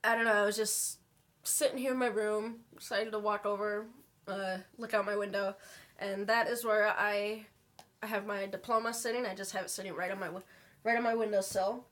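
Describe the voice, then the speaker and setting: A young woman talking to her camera in her bedroom, telling an emotional story slowly and haltingly while fighting back tears. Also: mid-range voice, steady tone, a bit bright. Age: young adult. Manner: halting, slow, many pauses and fillers. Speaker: vlogger.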